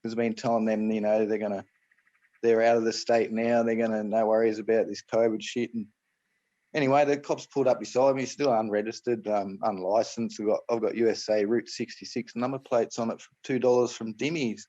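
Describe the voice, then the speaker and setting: A man's voice: lowish voice, fairly even intonation, fairly quick, mellow, muffled recording. A man with an Australian accent talking in a loose, rambling way on a call, often restarting and tossing in "right?" and "mate". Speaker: guest explaining private trusts. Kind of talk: casual rambling chat on a call.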